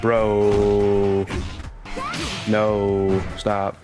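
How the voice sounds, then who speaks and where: A man streaming a fighting game, chatting to his viewers, laughing hard and teasing opponents with high, drawn-out catchphrases. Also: completely flat delivery. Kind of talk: casual gameplay commentary. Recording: game music behind. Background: fighting game music.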